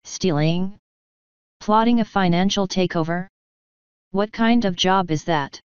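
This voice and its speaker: A woman's voice: on the low side, a little slow, smooth, dry recording, muffled recording, natural voice. A woman voicing a young male pegasus pony soldier, earnest and accusing, in a storybook reading. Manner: accusing, indignant.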